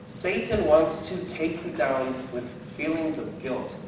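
This guest preacher's voice sits on the high side, and he speaks slowly but animatedly, candid and self-deprecating, with bursts of laughter. Heard from a distance in a very echoey hall, he's surrounded by background noise.

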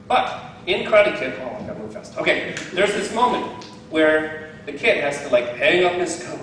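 A man's voice: fairly high pitch, a little hiss or hum. Playful man talking faith, far off and echoey. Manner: playful and self-mocking, laughs often. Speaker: lay speaker giving a devotional talk. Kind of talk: casual faith talk. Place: outdoors. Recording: very echoey, distant from the mic.

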